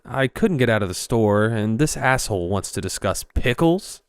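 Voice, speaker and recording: A man's voice: on the low side, animated, moderate pace, hardly any pauses, clean tone, dry recording, studio quality. A man narrating a first-person horror story in a tense, suspenseful reading, voicing the dialogue himself.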